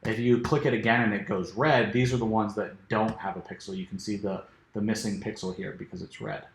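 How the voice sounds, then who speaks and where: A man giving a casual screen-share software walkthrough, full of fillers and restarts, saying he is losing his voice. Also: fairly low pitch, fairly even intonation, a little fast, a little hiss or hum. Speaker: software reviewer. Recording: echoey room.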